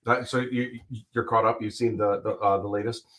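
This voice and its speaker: A man hosting a livestream, chatting casually, rambling through animated opinions full of fillers and restarts. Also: fairly low pitch, normal speed. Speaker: livestream host. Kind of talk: casual chat.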